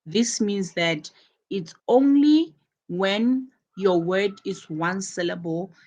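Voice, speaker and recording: A woman's voice: medium pitch, lively intonation, slow, a little mellow, muffled recording. A woman teaching an English pronunciation lesson to students, patiently repeating and stressing key words as she explains.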